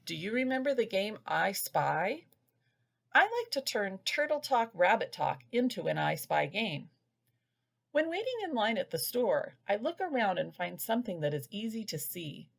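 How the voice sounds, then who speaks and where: A woman giving a scripted lesson to parents, patiently sounding out words slowly. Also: medium pitch, sing-song, creaky. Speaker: early reading instructor. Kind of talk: scripted instructional narration.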